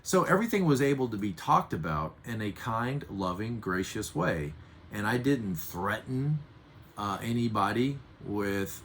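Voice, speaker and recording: A man's voice: lowish voice, lively intonation, normal speed, fairly bright tone, a little hiss or hum. A middle-aged man coaching on handling anger, teaching earnestly and acting out little example conversations. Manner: earnest, emphatic, acts out example dialogues. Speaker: Enneagram relationship coach. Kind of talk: teaching talk to camera.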